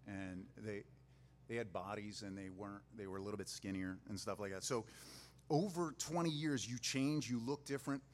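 A man's voice: fairly low pitch, moderate pace, slight background noise. A man preaching a sermon in a casual, joking way, retelling a Bible story. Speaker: pastor.

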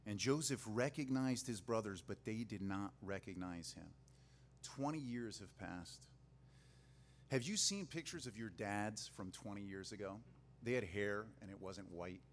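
Male pastor, low-pitched, relaxed joking sermon delivery, slight background hum. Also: unhurried. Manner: casual joking preaching.

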